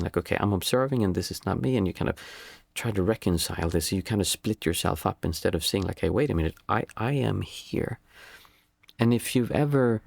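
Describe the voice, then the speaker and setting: A man, a father of young children, giving a reflective spiritual talk as a meditation teacher, halting and repeating words as he searches for terms. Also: sits low, creaky, dry recording.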